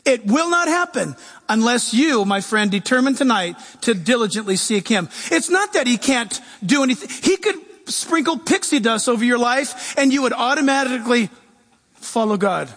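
A man preaching a sermon as pastor, animated, swinging between loud emphasis and quiet asides. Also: extremely high pitch, moderate pace, in a large hall.

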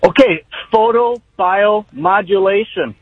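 A man's voice: high-pitched, slow, slightly rough, dry recording. A man calling into a radio show, wry and matter-of-fact. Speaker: radio caller. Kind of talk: phone-in chat. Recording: dull lo-fi phone line.

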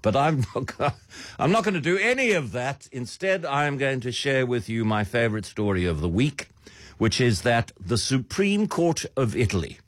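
Sardonic radio host, lively. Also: male voice, dry recording. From South Africa. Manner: sardonic and theatrical, swooping pitch. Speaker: radio talk show host. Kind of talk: casual radio monologue.

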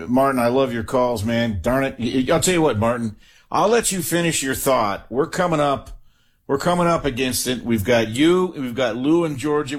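A man hosting a call-in sports radio show, animated and quick to joke with his callers. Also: mid-range voice.

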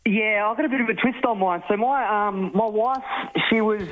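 A man's voice: high-pitched, moderate pace, a little hiss or hum. A man with an Australian accent calling in to a radio show, telling a rambling story full of "like". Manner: rambling, fills with "like". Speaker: caller. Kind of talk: casual phone-in story. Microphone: phone. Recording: tinny phone line.

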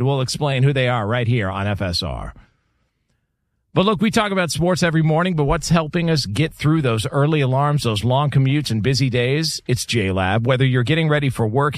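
A man's voice: medium pitch, no room sound. A man hosting a sports radio show, bantering with co-hosts and reading an ad.

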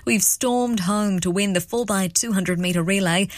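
A woman reading a scripted radio news bulletin in a measured, crisp delivery into a studio microphone. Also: medium pitch, no echo. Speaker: newsreader.

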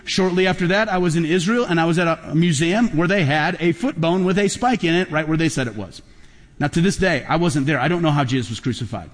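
A middle-aged pastor preaches a sermon, telling stories and building emphatically to loud peaks, with long hall reverb on the recording. His voice is a little high and his pace quick.

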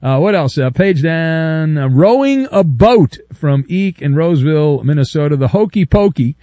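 Speaking into a studio microphone in a radio studio, a middle-aged talk radio host jokes and rambles casually, with many fillers. His pitch is fairly high, his pace moderate, and there's no echo.

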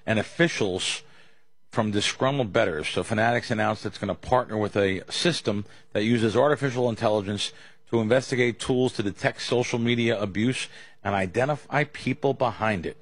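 Low-voiced male radio co-host. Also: breathy edge. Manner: halting, restarts, reads news stories. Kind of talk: casual radio talk.

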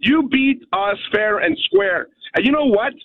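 A man's voice: very high voice, very animated, a little slow, gravelly, a little hiss or hum. A man from Canada calling in to a radio show, speaking bluntly and emphatically and often tossing in "okay?". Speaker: caller. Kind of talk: phone-in rant. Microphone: telephone. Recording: tinny phone line with dry sound.

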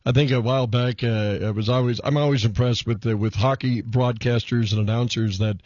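A man's voice: mid-range voice, steady tone, a little mellow, no echo, lo-fi sound. A man hosting a radio show, asking questions in a rambling, hesitant way with many restarts. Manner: rambling, halting, laughs often. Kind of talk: casual radio chat.

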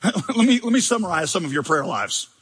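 Male pastor, high bright voice with a husky edge, humorous and emphatic sermon, long hall reverb. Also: sing-song, a little fast. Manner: conversational, humorous, emphatic, rhetorical questions.

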